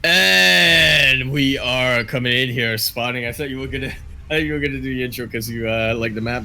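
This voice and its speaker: A man casting a live video game match, quick, rambling and joking. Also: mid-range voice, pushed and bright, soft background music. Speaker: esports caster.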